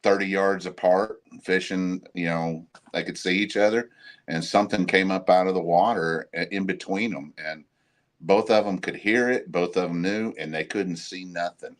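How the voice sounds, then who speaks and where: A man from Oklahoma, a guest cryptid investigator, telling stories in a relaxed, rambling way. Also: sits low, moderate pace. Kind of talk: casual storytelling.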